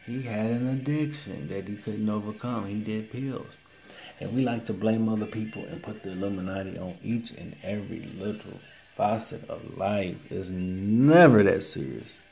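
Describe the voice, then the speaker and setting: A man telling a story to the camera in a casual, excitable way, repeating his exclamations. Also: on the low side, moderate pace, vocal fry, faint music behind.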